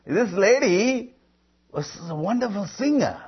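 A man's voice: fairly high pitch, moderate pace, dull audio, slight background noise. A man preaching a sermon, telling his own conversion story and calling out to the congregation. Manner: animated storytelling with calls to the congregation. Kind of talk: sermon testimony.

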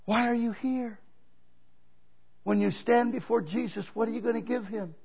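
A male pastor preaches with emphatic, exhorting energy and weaves stories into his sermon. His voice is husky and fairly high for a man. The recording sounds dull and lo-fi. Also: steady tone, moderate pace.

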